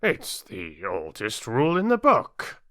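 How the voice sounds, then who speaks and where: A man with a British accent voicing a pompous, blustering, easily flustered king in a loud, drawn-out voice for an audiobook. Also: on the low side, wildly swooping pitch, dry recording, clean studio sound, voice pushed up, full character voice. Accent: British English. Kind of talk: audiobook character voice.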